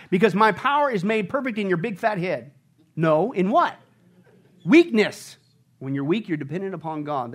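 A man preaching a sermon as pastor, asking the congregation questions and shouting with joy at high points. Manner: animated preaching, shouting and laughing at peaks.

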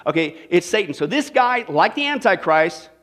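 A male pastor preaching a sermon, telling a joke and then driving into scripture with lively energy. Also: sits high, normal speed. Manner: energetic, joking storyteller preaching.

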